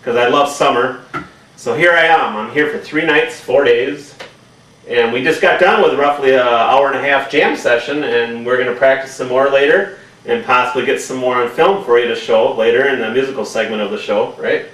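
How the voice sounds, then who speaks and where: A man's voice: medium pitch, normal speed, fairly bright tone. A man from Wisconsin hosting a casual interview at home, chatty and teasing. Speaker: host. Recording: echoey room, far from mic.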